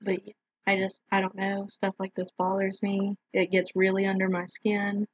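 A woman's voice: mid-range voice, monotone, moderate pace, breathy edge, no echo, lo-fi sound. A woman in a casual discussion, speaking frankly and with strong opinions, saying "like" often.

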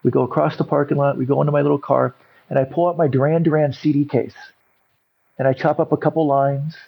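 A man's voice: a little high, fairly even intonation, fast talker, creaky, husky, muffled recording. A middle-aged man, a recovery coach, telling his story in an interview and acting out other people's lines. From California. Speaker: podcast guest, recovery coach.

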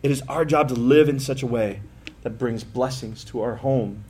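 Middle-aged male pastor, mid pitch, chatty sermon delivery with punchy emphatic bursts. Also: normal speed, a little mellow, slightly rough. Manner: conversational, self-deprecating, with rising emphatic bursts. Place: church sanctuary.

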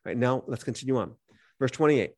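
In this clean studio recording with no room sound, a male podcast co-host reads scripture aloud and then unpacks it like a casual teacher. His mid-range voice moves fairly quickly and stays animated.

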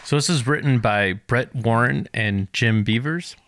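A man with a bright, crisp voice co-hosts a casual podcast, chiming in with quick agreeing replies and upbeat remarks. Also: mid-range voice. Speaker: podcast co-host. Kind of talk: casual chat.

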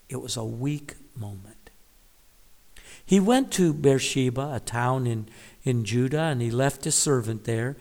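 A man leads a devotional Bible reflection at an unhurried, deliberate pace. His voice sits in a middle register and carries a long, lingering reverb. He is thoughtful and now and then hushes to a whisper to stress a word. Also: medium pitch. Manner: reflective, drops to a whisper on key words. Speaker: Bible teacher.

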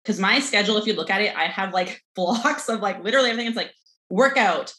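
A woman guest, a nutrition coach, talking casually and quickly, filling her speech with "like.". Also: mid-range voice, a bit bright, roomy sound. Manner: chatty, quick, fills with "like". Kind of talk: casual chat.

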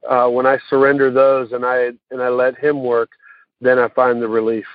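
A man's voice: medium pitch, level tone, dry recording. Man sharing his story over a tinny phone line. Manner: halting, many fillers and restarts. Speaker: recovery meeting speaker. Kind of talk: personal recovery share. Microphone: phone call.

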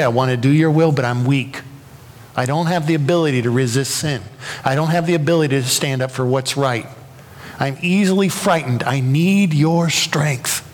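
A pastor preaching a sermon, earnest and building to impassioned emphasis, often repeating words as he presses a point. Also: medium pitch. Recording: long reverb of a large hall.

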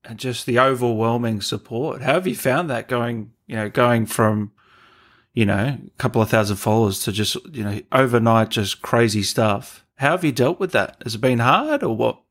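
A man's voice: medium pitch, moderate pace, fairly bright tone. A man with an Australian accent hosting a casual interview, joking and laughing easily. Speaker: interview host.

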